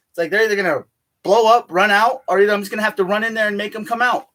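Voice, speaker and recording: A man's voice: sits high, quick pace, a bit bright. A man rambling casually in a vlog, swearing a lot, tacking "man" onto his lines and laughing often. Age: adult with a child. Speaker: vlogger.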